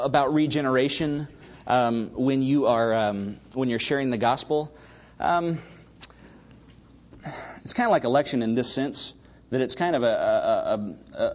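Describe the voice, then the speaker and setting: A man preaching a sermon, emphatic and building to loud stresses, with a slightly husky voice. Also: mid-range voice, highs cut off. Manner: emphatic, rising to shouts for stress.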